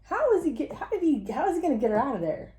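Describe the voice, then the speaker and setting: A woman's voice: sits high, huge pitch swings, racing, mellow. A married woman co-hosting a casual podcast, chatty and full of anecdotes. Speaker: podcast co-host. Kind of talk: casual chat. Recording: roomy echo.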